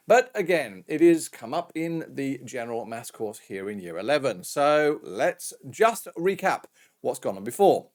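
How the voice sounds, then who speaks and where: A man's voice: mid-range voice, very animated, measured pace, a little mellow. A British man teaching a recorded maths lesson in a chatty, jokey way with self-mocking asides. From Britain.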